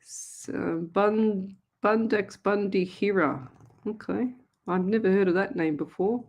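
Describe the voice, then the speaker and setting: Middle-aged Australian woman, live-stream host, casual and friendly chatter, quick to laugh. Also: medium pitch, a little mellow. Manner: chatty, greets viewers by name, laughs easily. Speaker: psychic medium hosting a live stream.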